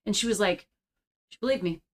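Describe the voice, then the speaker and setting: A middle-aged woman co-hosting a podcast, chatting casually and backing her partner up with quick, short replies. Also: medium pitch. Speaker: podcast co-host. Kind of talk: casual chat.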